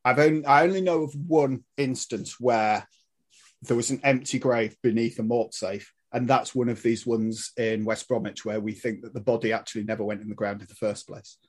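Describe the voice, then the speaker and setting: A man explaining history in casual podcast chat, animated and swearing, laughing at his own points. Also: medium pitch, normal speed, slightly rough. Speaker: guest historian.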